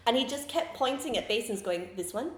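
A woman in her twenties chatting casually in an interview, rambling and giggling through animated stories. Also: fairly high pitch, brisk, roomy sound, noisy background. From Scotland. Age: 20s. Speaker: comedian guest.

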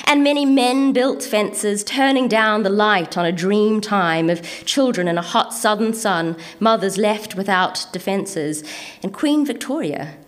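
A woman with an Antipodean accent performing her own spoken word poetry in a rhythmic, measured delivery with deliberate pauses, and chatting casually and hesitantly between pieces. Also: mid-range voice. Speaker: poet reading her own work.

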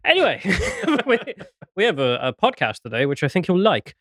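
A man's voice: high voice, huge pitch swings, moderate pace, fairly bright tone, no room sound, clean studio sound. A young British man hosting a casual podcast, chatty and self-mocking, often laughing at himself. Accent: British English. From Britain. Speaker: podcast host.

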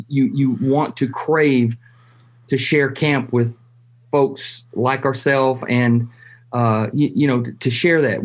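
A man, a hunting show host telling stories in a folksy way, with restarts and drawn-out pauses. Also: medium pitch. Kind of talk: casual conversation.

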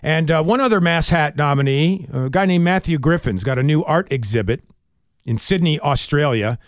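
A man hosting a radio show, reading out local items with animated banter. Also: fairly high pitch, moderate pace, dry recording, studio quality. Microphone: studio microphone.

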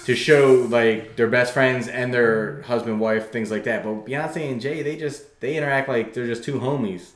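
A man's voice: medium pitch, steady tone, normal speed, hardly any pauses, reverberant. A man co-hosting a casual podcast chat, arguing his point with pointed questions. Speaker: podcast co-host.

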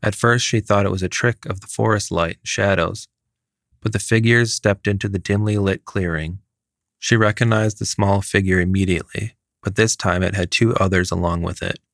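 A man narrates a fairy tale in a steady, even manner. His voice is low. It is recorded dry, with no room sound. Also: no echo. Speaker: story reader.

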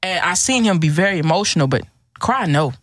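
A woman guest on a podcast, talking in a casual, animated and emphatic way and acting out the people she quotes. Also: on the low side, a little fast, no echo.

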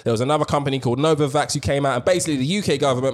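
A man's voice: mid-range voice, rapid-fire. Guy hosting a podcast, chatty and slangy, swears a lot. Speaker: podcast host. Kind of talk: casual podcast chat.

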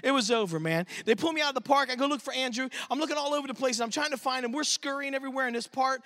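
Man, sermon, emphatic storytelling, bright sound, very high pitch. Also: racing. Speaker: youth pastor. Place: church service.

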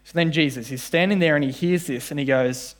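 A man preaching to a church congregation, his voice sitting a little higher than most men's. He is animated and talks straight to the people in front of him, and he slips into acted voices whenever he retells a scene. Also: fairly quick. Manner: animated, acts out voices in quoted dialogue. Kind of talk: sermon.

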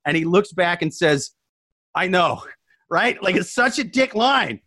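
A man's voice: sits high, normal speed. A man co-hosting a casual comedy podcast, telling long rambling bits full of swearing and jokes. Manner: rambling, animated storytelling with swearing.

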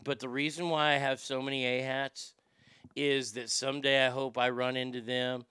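A man's voice: medium pitch, little pitch movement, moderate pace, sharp tone, clear, resonant tone, dry recording. A man with a Southern accent hosting a casual talk show, rambling, joking and swearing. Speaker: radio show host.

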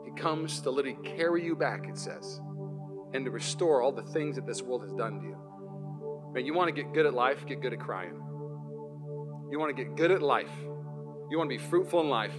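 A male pastor preaching a live sermon in a church, telling a personal story in an animated way and acting out the scenes. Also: mid-range voice, a little fast, long pauses, over music. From Washington state, US. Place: church sanctuary, live service.

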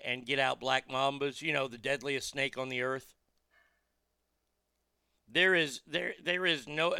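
A man's voice: medium pitch, vocal fry, pushed and bright, clean tone, no echo, clean studio sound. A man hosting a talk show, ranting bluntly and swearing casually as he riffs on the news. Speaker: radio talk show host. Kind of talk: profane casual monologue.

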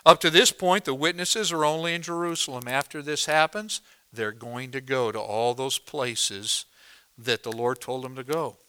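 A man preaching a sermon as pastor, swinging between hushed moments and loud, emphatic climaxes. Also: mid-range voice, moderate pace, smooth.

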